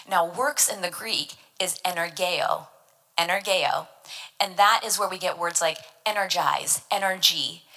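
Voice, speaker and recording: A woman's voice: lowish voice, sharp tone, rough recording. A woman giving devotional Bible teaching, earnest and emphatic, explaining verses word by word.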